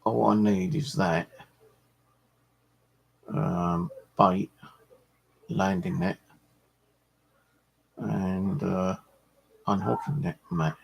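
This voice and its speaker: A man's voice: sits low, steady tone, extremely slow, creaky, pauses often, breathy edge, poor audio. A middle-aged man, chatting casually as the host of a fishing channel and telling rambling stories while swearing freely.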